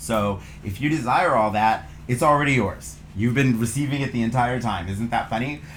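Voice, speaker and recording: A man hosting a spiritual card reading channel, speaking gently and affectionately in a loose, meandering way, with many fillers. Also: mid-range voice, moderate pace, slight background noise. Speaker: channel host, tarot reader. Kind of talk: spiritual oracle reading, affirmations.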